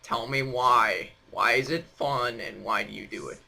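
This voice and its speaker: A man's voice: mid-range voice, measured pace, creaky, bright, forceful tone. A young man hosting a casual chat on a voice call, rambling and teasing with lots of fillers. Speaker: host.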